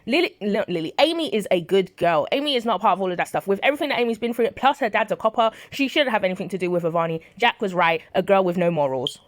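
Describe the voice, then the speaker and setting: Brief: woman soap reviewer, quick chatty delivery, talks straight at the characters, dry close sound. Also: medium pitch, lively intonation, no echo. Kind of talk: casual recap and commentary.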